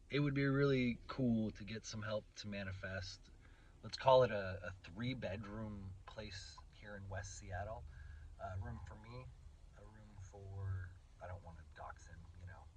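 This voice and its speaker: A young man talking through a rambling, emotional personal vlog, halting with many restarts and fillers. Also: lowish voice, fairly bright tone, husky, poor audio. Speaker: vlogger.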